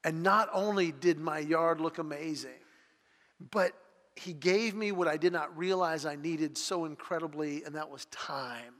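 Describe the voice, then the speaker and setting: Earnest and heartfelt, a pastor with a strikingly high, fairly bright voice preaches and weaves in personal stories, growing more intense as he goes. The long reverb of a big church hall trails his every word.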